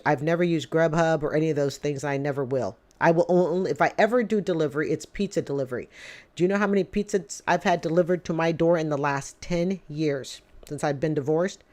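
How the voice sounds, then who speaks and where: A woman's voice: sits low, a little mellow. A woman in her fifties giving casual, opinionated commentary, blunt and emphatic, repeating her points to drive them home. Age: 50s. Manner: lecturing, addresses people directly. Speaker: commentator reacting to call-in show clips.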